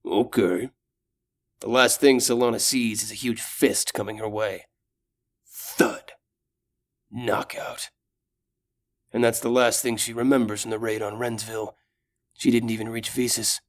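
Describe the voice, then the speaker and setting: A man's voice: mid-range voice, flat delivery, unhurried, long pauses. Man narrating a fantasy audiobook.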